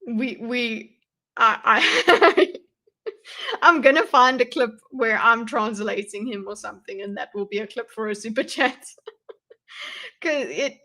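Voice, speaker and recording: A woman's voice: a little high, measured pace, bright, forceful tone. A woman hosting a livestream, tossing out chatty, wry reactions and laughing often. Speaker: livestream commentary host. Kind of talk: casual reaction commentary.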